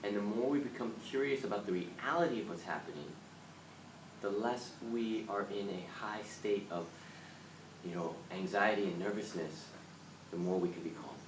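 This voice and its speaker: A man hosting a live motivational talk, earnest and animated, now and then acting out panicked voices. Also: lowish voice, moderate pace. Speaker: live stream host. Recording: roomy, from a distance, faint background noise.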